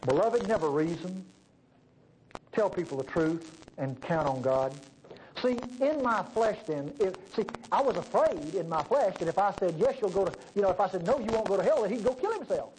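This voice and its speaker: A man preaching a sermon, folksy and animated, dropping to a hush and rising again. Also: high voice, normal speed, a little hiss or hum, low-quality recording. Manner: folksy, animated, swings between loud and hushed.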